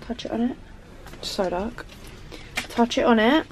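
A woman's voice: on the high side, unhurried, slight background noise. A young woman chatting playfully and bossing her friend around during a travel vlog. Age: young adult. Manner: bubbly, bossy, playful. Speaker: vlogger. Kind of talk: casual vlog chat. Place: city streets and hotel.

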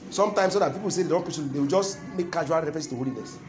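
A Nigerian-accented man preaches with a fairly high-pitched voice, throwing questions to the congregation so they finish his lines. He repeats his main points for weight. Soft music plays underneath. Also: racing. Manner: call-and-response, keeps asking the crowd "what?" to complete his lines; emphatic, repeating key phrases. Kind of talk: sermon.

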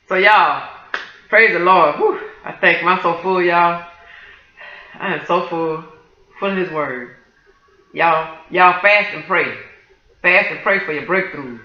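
Fervent woman praising with a sharp voice. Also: on the low side. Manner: fervent, exclaiming, addresses viewers as y'all. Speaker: Christian video creator sharing a prophetic dream. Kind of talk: emotional testimony and praise. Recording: dull lo-fi sound in an echoey room.

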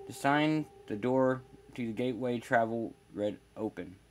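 A man's voice: mid-range voice, measured pace, darkish tone. A man narrating a first-person horror story in a plain, wry storytelling manner.

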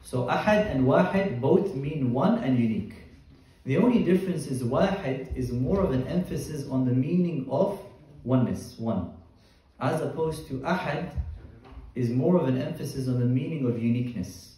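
A male teacher leads a Quran tafsir lesson. He explains each word step by step and keeps quizzing his class. His mellow voice is picked up from across a strongly echoing room. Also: medium pitch, distant mic. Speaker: Islamic teacher. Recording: echoey room, voice from afar.

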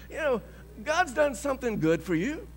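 A male pastor preaching a sermon, telling a story with lots of chuckles and shouting out bold declarations. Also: very high voice, very animated, measured pace, in a large hall, slight background noise.

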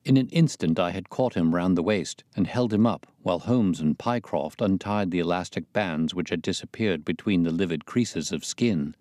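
A man narrating a classic detective story in a measured, even reading manner. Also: low-pitched, no room sound, studio quality. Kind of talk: audiobook narration.

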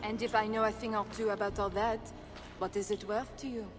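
A woman's voice: mid-range voice, flat delivery, brisk, natural voice. An actress voicing a sly, teasing woman smuggler and bard in video game dialogue. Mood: coy. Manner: playful, evasive, teasing. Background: game music.

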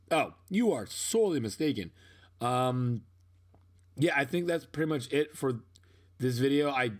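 A man's voice: medium pitch, normal speed. Rambling, self-mocking young man. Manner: rambling, self-mocking, with sudden excited outbursts. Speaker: unboxing vlogger. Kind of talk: casual voice-over commentary.

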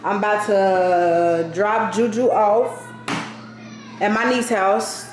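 A woman's voice: mid-range voice, steady tone, takes it slowly. A woman vlogger talking casually and candidly to her viewers, venting about her day. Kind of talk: casual vlog chat. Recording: echoey room, mic at a distance.

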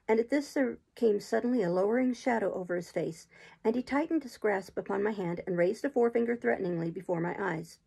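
A woman reading a classic adventure novel aloud as an audiobook in a steady, unhurried storytelling manner. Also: medium pitch, gravelly, husky, rough recording. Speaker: audiobook reader.

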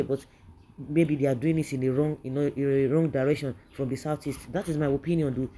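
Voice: medium pitch, a little fast, mellow. A political commentator with a Nigerian accent, giving an indignant opinion rant that keeps circling back and repeating phrases.

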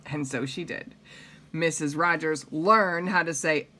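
A woman reading a picture book aloud to children, pausing to comment and ask them questions. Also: low-pitched, animated, bright, forceful tone. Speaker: reader.

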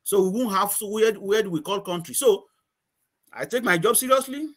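A man's voice: high voice, normal speed, a bit bright. A middle-aged man from Nigeria, a guest chatting casually in an interview, rambling, repeating words and laughing often.

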